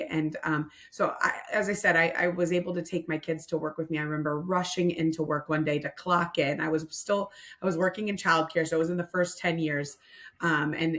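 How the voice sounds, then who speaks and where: A woman's voice: sits low, fairly bright tone. A middle-aged woman leading a nonprofit mission, telling stories earnestly and reflectively in a podcast interview.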